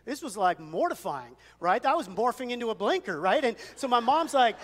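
A man with a fairly high voice delivers a sermon from a church sanctuary. He preaches conversationally, telling stories and poking fun at himself. His words trail off into a long hall reverb. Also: very animated, a little fast. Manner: conversational storytelling with self-deprecating humor. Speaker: pastor.

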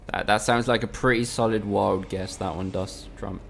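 A man's voice: on the low side, steady tone, normal speed, vocal fry, fairly bright tone, slight background noise. A man from the UK, streaming a game live and trading teasing, sweary banter with his chat. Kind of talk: casual live-stream commentary.

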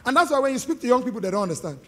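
High-voiced Nigerian preacher in a hall. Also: male voice, racing. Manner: animated, joking, call-and-response with the congregation. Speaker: pastor. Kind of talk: sermon. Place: large hall with live congregation. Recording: long hall reverb.

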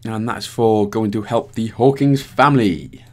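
A man's voice: fairly low pitch, a little slow, a little mellow, soft background music. A man with a Welsh accent giving chatty, rambling, self-mocking walkthrough commentary as a gaming guide host.

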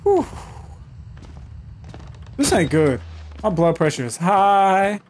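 Over eerie horror game music at his home gaming setup, a man with a high, widely swinging voice speaks slowly during a let's play, with a little hiss or hum in the audio. This channel host stays jumpy, making nervous jokes and cursing nonstop.

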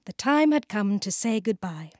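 A British woman narrating a children's storybook, warm and clearly enunciated. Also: mid-range voice, very animated, no echo, clean studio sound. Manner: warm, slow, clearly enunciated, sing-song. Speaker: audiobook narrator.

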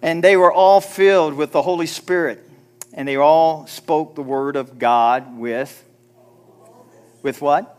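Higher-voiced preaching man. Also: slow pace, clear, resonant tone. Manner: emphatic, exhorting preaching with rhetorical questions; acts out quoted people in mock voices. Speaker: pastor. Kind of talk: sermon. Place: church.

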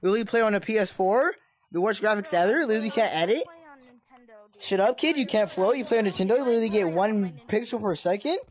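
A woman's voice: medium pitch, fast talker, a little mellow, lightly acted. A woman playing a cocky, trash-talking young online gamer who keeps taunting other players. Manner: taunting, bragging, repetitive insults. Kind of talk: gameplay role-play impression.

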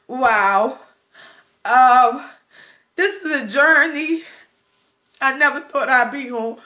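A woman hosting her own podcast, talking in an emotional, nervous, excitable way and calling listeners baby and boo. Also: high-pitched, takes it slowly, long pauses. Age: adult with children. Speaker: podcast host. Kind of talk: casual motivational talk. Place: Maryland, USA.

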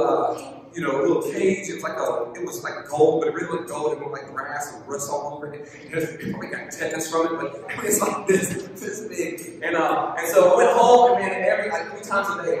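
Youth pastor guy telling a goofy story, kinda high voice, lots of hall echo, mic far off. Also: a little hiss or hum. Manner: animated, joking, repeats key lines.

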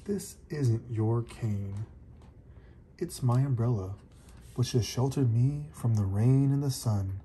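A man's voice: mid-range voice, takes it slowly, a little hiss or hum, lightly acted. A man reading as a patient storybook elephant. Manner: patient, polite, gently firm. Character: calm, kindly male elephant with an umbrella.

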